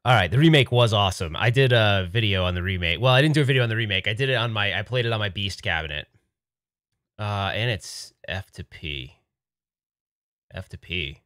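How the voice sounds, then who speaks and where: A man hosting a casual live chat, rambling and excitable, laughing easily. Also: fairly low pitch, no room sound, clean studio sound. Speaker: livestream host.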